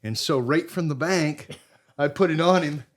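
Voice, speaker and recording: A middle-aged man from Maine, appearing as a podcast guest, tells a casual hunting story with animation, acting out what people said. His voice runs on the high side at a moderate pace.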